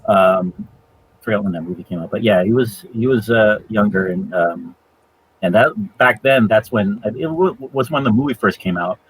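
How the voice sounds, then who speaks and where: A man in his forties, a father, chatting casually on a podcast, hesitant with many pauses and chuckles. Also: fairly low pitch, a little hiss or hum, rough recording. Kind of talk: casual chat.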